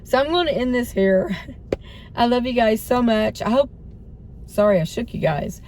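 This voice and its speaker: A hoarse middle-aged woman vlogging in a rambling, self-doubting way, laughing between thoughts and often trailing off. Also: on the high side, moderate pace, darkish tone, a little hiss or hum. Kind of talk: rambling spiritual vlog chat.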